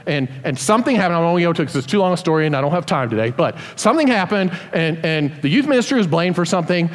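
A man preaching a sermon, telling stories animatedly and acting out voices in quick asides. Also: fairly high pitch, animated, long reverb tail. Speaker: pastor.

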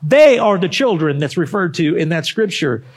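A man preaching a sermon, emphatic and fervent, rising to loud peaks and dropping low, often asking the congregation questions. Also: big pitch swings, moderate pace. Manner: addresses the congregation directly with questions. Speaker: pastor.

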